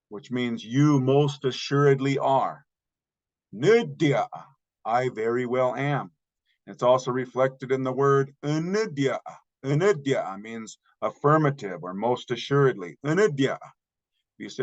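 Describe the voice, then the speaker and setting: A man's voice: mid-range voice, lively intonation, lo-fi sound. Patient man teaching a language lesson. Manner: patient, slow repetition of example words; spells out grammar step by step.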